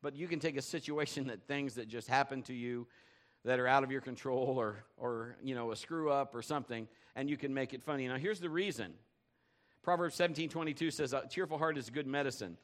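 A man's voice: medium pitch, fairly quick. A man preaching a sermon in a loose, conversational way, asking the congregation questions and telling funny stories. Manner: conversational, joking storyteller, asks the crowd questions. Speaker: pastor.

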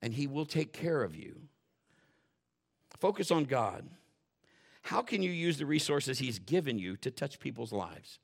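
A male pastor preaching a sermon in a folksy, joking way, dropping to quiet asides and building to loud, fervent stretches. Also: mid-range voice, very animated, a little slow, creaky, pauses often. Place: church.

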